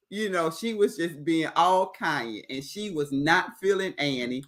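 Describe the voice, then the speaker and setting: A woman hosting a casual livestream recap of a reality show, chatty and animated as she retells scenes. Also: low-pitched, a little slow. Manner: chatty, animated retelling with playful quoted voices. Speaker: host.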